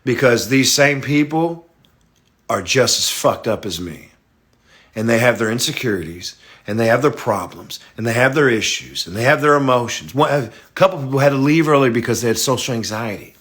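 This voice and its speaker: A man hosting a livestream, talking bluntly and profanely in a confessional rant that swings into loud, excited, laughing bursts. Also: medium pitch, normal speed. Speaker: livestream host.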